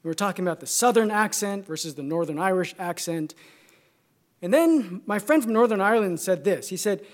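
Californian-accented male preacher, measured, emphatic, builds points by repetition. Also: high voice, animated. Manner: measured and emphatic, building through repeated phrases. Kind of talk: sermon.

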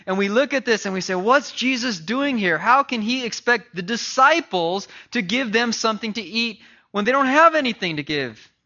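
A male preacher with a high, bright, forceful voice delivers a sermon. He swings from ringing declarations to hushed, earnest pleading. The sound is dull and lo-fi. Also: lively intonation, moderate pace, hardly any pauses. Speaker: pastor.

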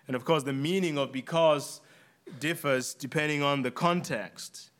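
A man's voice: fairly high pitch, fairly bright tone. A man with a noticeable accent preaching a sermon, earnest and emphatic, repeating key phrases for weight. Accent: non-native English accent. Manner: earnest, emphatic with deliberate repetition.

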